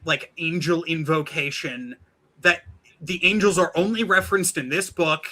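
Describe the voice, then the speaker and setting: Bright-voiced man in casual chat. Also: fairly high pitch, low-quality recording. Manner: halting, restarts often, mock announcer voice for quotes. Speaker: podcast guest.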